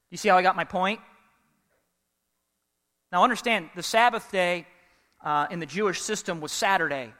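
High, bright-voiced pastor preaching in a hall. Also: male voice. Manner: animated, humorous, asks the congregation questions. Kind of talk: sermon.

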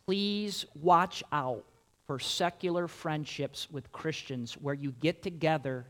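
Man preaching an emphatic, conversational sermon. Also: a little high. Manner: emphatic, conversational preaching with lively quoted asides. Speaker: pastor.

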